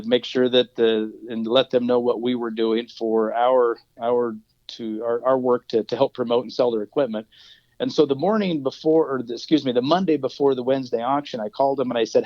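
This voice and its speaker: A man recounts a story from his sales work in a rambling, casual way, stumbling over repeated words and fillers. His voice sits at a middle pitch. The recording is dull and dry, with a lo-fi edge. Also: a little mellow, dry recording. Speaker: region manager. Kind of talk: podcast interview storytelling.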